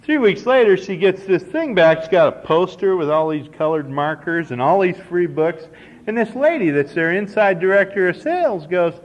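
A man's voice: high-pitched, big pitch swings, normal speed. A man in his forties from Nebraska telling a folksy, self-deprecating personal story to a recovery meeting. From Nebraska, United States. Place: conference hall. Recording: dull, slightly hissy old cassette tape.

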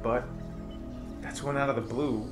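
A man's voice: medium pitch, steady tone, a little slow, roomy sound, over loud music. A man telling his story casually and self-deprecatingly in a comedy sketch. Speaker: knife video creator.

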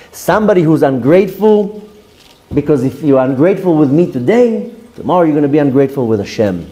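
A man's voice: on the high side, sing-song, fairly quick, dark tone. A man, a rabbi giving a sermon that tells a story and acts out the dialogue of its characters in shifting voices. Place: women's institute classroom.

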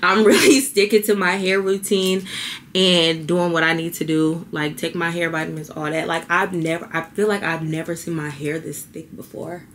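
A woman's voice: on the low side, fairly even intonation, moderate pace, a little hiss or hum. A young woman vlogging at home, chatty and heartfelt, a little teary as she talks to her viewers. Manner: heartfelt, chatty, says y'all. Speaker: beauty vlogger. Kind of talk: casual vlog talk to camera.

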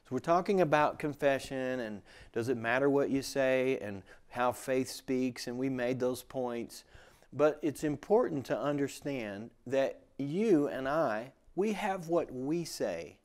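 A man's voice: medium pitch, lively intonation, measured pace, darkish tone. Male Bible teacher, mid-range voice, casual sermon delivery with frequent restarts. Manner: conversational, restarts often, emphatic when quoting scripture.

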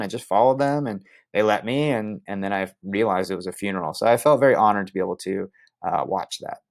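A man casually narrating travel stories over photos, chatty and rambling with many fillers. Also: on the low side. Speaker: travel storyteller.

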